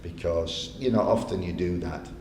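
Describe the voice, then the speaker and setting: A man with a darkish tone speaks at a moderate pace as guest speaker, telling chatty stories live on stage in an arts venue hall. He frequently laughs and acts out the people he quotes. The room echoes, with a faint rumble.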